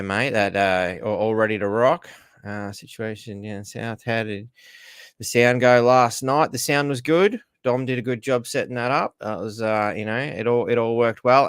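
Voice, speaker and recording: A man's voice: fairly low pitch, fairly bright tone, smooth, no room sound, clean studio sound. An Australian man hosting a casual livestream, rambling and greeting viewers by name, a little groggy from painkillers. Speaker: livestream host.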